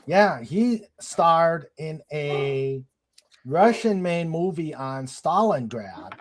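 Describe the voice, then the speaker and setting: A man's voice: a little high, big pitch swings, extremely slow. A man hosting a casual talk show, reading out chat comments and chiming in with short agreements.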